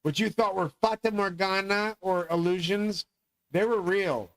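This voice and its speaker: A man's voice: high voice, a little slow, no room sound, low-quality recording. A middle-aged man delivering a rambling, profane, grandiose monologue as host of his own channel.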